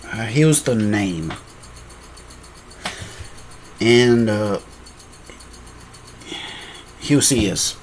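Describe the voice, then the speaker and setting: A man's voice: lowish voice, lively intonation, extremely slow, pauses often, a little hiss or hum. A man casually telling a fan-made story, rambling and often correcting himself with apologetic asides.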